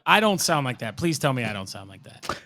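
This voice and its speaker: A man's voice: mid-range voice, fairly quick, slight background noise. A man in his thirties co-hosting a podcast over a video call, rambling in casual chat and slipping into silly accents. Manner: rambling, animated, likes doing silly accents. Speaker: podcast co-host. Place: home room.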